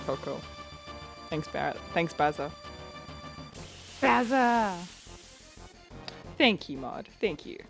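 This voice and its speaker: A woman's voice: lowish voice, sing-song, takes it slowly, vocal fry, pauses often, faint music behind. A young woman chatting casually to her live-stream viewers while playing a game, reading chat aloud and laughing often. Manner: giggly, reads chat aloud, playful.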